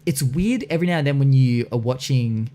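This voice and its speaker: A man's voice: medium pitch, a little fast, warm tone. A young man hosting a podcast, chatting casually, swearing often and slipping into mocking voices. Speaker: podcast host. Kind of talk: casual chat.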